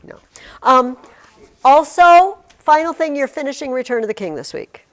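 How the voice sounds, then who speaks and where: An animated woman teaching a class, her voice sitting a little high and swinging widely in pitch. She talks emphatically, often restarting words as she presses her point. The sound is from a recording device in a curtained classroom. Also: normal speed. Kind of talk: classroom lesson.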